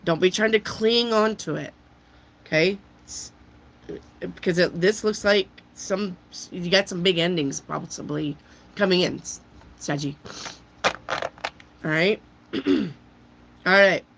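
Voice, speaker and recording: A woman giving a casual tarot reading while she has a cold, chatty and loose, often clearing her throat. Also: fairly low pitch, unhurried, pauses often, a little hiss or hum, rough recording. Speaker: tarot reader.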